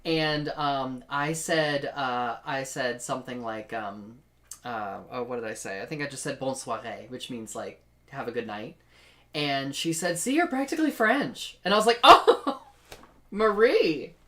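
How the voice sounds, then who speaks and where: A woman's voice: a bass voice, moderate pace, fairly bright tone. A woman co-hosting a podcast, telling stories in casual chat and laughing often. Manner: chatty, laughing storyteller. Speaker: podcast co-host.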